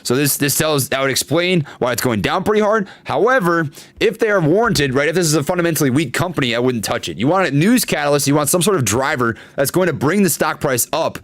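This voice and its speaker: A man hosting a casual stock market livestream, chatting with viewers and reading their comments, animated, with plenty of fillers and repeats. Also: fairly high pitch, quick pace, hardly any pauses, dry recording. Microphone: desktop studio microphone.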